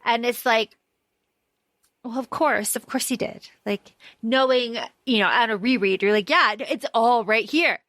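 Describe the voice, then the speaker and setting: A woman's voice: on the high side, unhurried, a bit bright, no echo. A woman co-hosting a casual book podcast, chatty and swearing freely as she acts out characters' lines. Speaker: podcast co-host.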